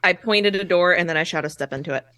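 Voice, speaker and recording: A woman at a tabletop game, jumping in with her character's moves quickly and eagerly. Her voice is on the lower side, and the sound is dry and close. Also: pushed and bright, clean tone, dry recording. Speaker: player. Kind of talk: tabletop role-play.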